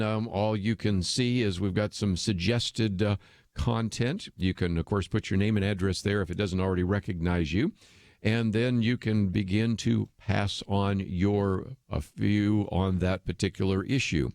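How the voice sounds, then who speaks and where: A man's voice: fairly low pitch, fairly even intonation, unhurried, darkish tone, no echo, clean studio sound. A man hosting a radio talk show, delivering an earnest, persuasive commentary with frequent fillers and restarts.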